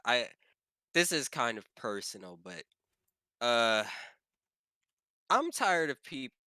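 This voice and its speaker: A man's voice: fairly low pitch, sharp tone, clear, resonant tone, no room sound, clean studio sound. A young man from Baltimore, co-hosting a podcast in casual chat, rambling with restarts. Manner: rambling, restarts, laughs often. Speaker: podcast co-host.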